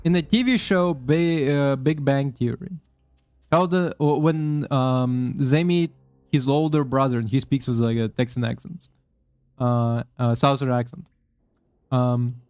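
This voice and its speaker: Speaking slowly in a mid-range, darkish voice, a young gamer comments casually as he plays, rambling with heavy swearing, fillers and restarts. There's no room sound, just faint game music in the background.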